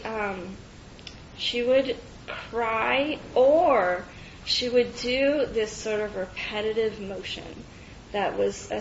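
Slow, halting woman, roomy and dull. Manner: halting, reflective, many fillers and restarts. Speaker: speaker sharing personal story. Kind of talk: personal testimony. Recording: dull roomy recording with faint rumble.

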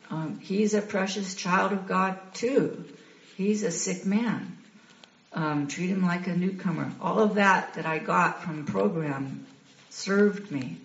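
A woman in her sixties telling a personal recovery story, candid and halting, often breaking into laughs. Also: medium pitch, vocal fry. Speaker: guest sharing a recovery story. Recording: roomy, dull lo-fi recording.

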